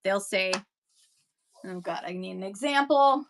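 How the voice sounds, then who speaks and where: A woman's voice: medium pitch, a little slow, a little hiss or hum. A woman hosting a live seller chat, talking casually and rambling, slipping into auctioneer patter, with a Kentucky accent. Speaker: host giving seller tips.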